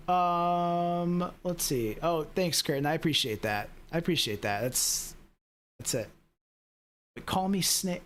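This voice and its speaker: Fairly high and a little bright, this man's voice carries a casual sim racing stream. He wanders from thought to thought, addressing chat directly and leaning heavily on fillers.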